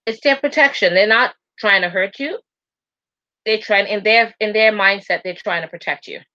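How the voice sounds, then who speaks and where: A woman's voice: medium pitch, normal speed, pushed and bright, highs cut off. A woman co-hosting a casual live talk show, telling stories animatedly and laughing often. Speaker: co-host. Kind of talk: casual chat.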